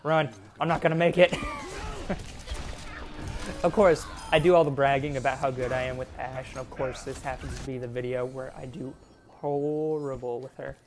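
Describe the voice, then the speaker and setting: A man giving casual, excitable gameplay commentary, laughing and easily distracted as he plays. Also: medium pitch, normal speed. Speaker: gaming YouTuber.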